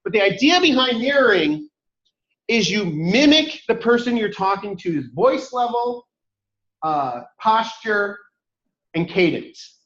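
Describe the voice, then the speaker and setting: Boisterous, loud man teaching with stories. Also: high-pitched, sing-song, slow pace. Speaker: instructor. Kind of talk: online workshop talk with personal stories. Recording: echoey room, dull lo-fi sound.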